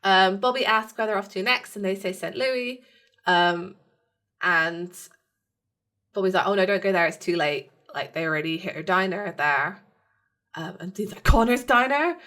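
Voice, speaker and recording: A woman's voice: fairly low pitch, fairly even intonation, normal speed, pushed and bright. A woman co-hosting a podcast, chatting casually as she recaps a TV episode, acting out characters' lines and laughing often. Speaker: podcast co-host.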